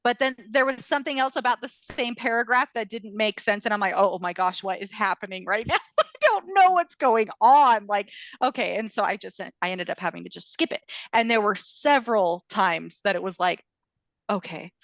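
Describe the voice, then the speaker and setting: A woman's voice: on the high side, expressive, normal speed, no room sound. A woman co-hosting a podcast, chatting casually about fan fiction, acting out quotes and laughing often. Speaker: podcast co-host.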